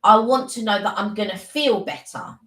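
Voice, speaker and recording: A woman's voice: medium pitch, moderate pace, fairly bright tone, roomy sound, rough recording. A woman co-hosting a casual live stream, talking earnestly and rambling with many restarts.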